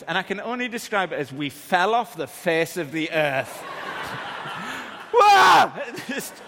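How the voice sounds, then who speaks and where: A man, preaching and telling a funny story about himself in a lively way that acts out the scenes. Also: sits high, big-room sound. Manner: animated, self-deprecating, acts out scenes. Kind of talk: humorous sermon storytelling.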